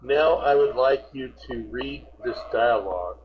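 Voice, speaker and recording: A male English teacher speaks slowly and patiently over a video call, drilling his students on contractions and repeating words until they land. The audio comes through slightly muffled, like a typical online lesson. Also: medium pitch. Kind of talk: online group class instruction.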